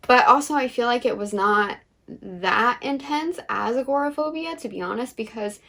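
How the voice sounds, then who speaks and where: A woman's voice: on the high side, moderate pace, a bit bright. A young woman co-hosting a book vlog, chatting casually with lots of fillers and frequent laughs. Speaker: book vlogger co-host. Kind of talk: casual chat.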